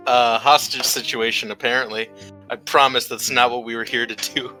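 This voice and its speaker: A man playing a tabletop role-playing game, speaking casually and hesitantly with many pauses. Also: mid-range voice, steady tone, bright, forceful tone, faint music behind, poor audio. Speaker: player. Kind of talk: casual in-character play.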